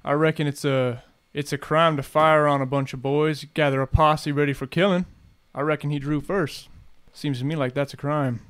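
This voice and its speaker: A man's voice: on the high side, steady tone, moderate pace, fairly bright tone, clear, resonant tone, close to an everyday voice. A man doing a cocky drawling gunslinger. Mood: taunting. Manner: drawling, says "reckon" a lot. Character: cocky young male gunslinger, smug and threatening.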